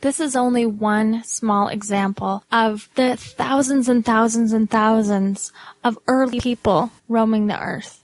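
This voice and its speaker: A woman's voice: on the high side, fairly even intonation, unhurried, dry recording. A woman hosting a podcast, reading a scripted narration in a reflective, wondering way. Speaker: podcast host.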